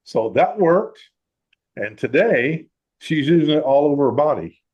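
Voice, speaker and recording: The host of a group talk, a man with a husky voice on the high side, speaks unhurriedly, and the audio is dull. Animated as he shares a personal story, he performs the quoted voices.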